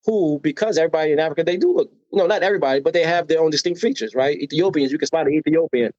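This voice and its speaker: An American podcast guest tells personal stories at a very fast clip, his voice fairly high and darkish in tone. He's energetic, acting out the voices of the people he quotes and often tossing in "right?" to pull the listener along. The audio is dull, with no room sound.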